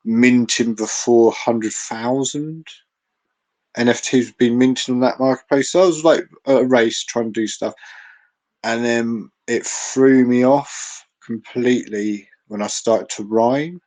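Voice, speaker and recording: A man's voice: mid-range voice, measured pace, a little mellow, rough recording. A man from England with a mixed southern and northern English accent, rambling through a casual chat with many fillers and restarts. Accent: mixed English, southern with a northern twang. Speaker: guest. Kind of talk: casual chat on a live audio space.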